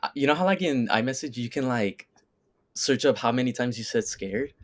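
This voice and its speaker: A young man talks through a relaxed podcast conversation in a middle-range voice. He rambles a bit, leaning on slang, fillers and false starts. The tone is easygoing and unpolished. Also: medium pitch, brisk. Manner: laid-back, slangy, many fillers and restarts. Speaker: podcast co-host. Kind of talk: casual chat.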